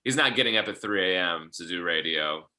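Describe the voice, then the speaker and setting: A man co-hosting a casual podcast, feeling his way through sentences with fillers and false starts. His voice sits very low but has a bright, clear edge. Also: animated. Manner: halting, many fillers and restarts.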